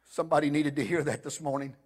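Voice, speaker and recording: A man preaching a sermon to a live church congregation with impassioned delivery, swinging between shouting and hushed storytelling. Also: on the high side, steady tone, fast talker. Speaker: pastor.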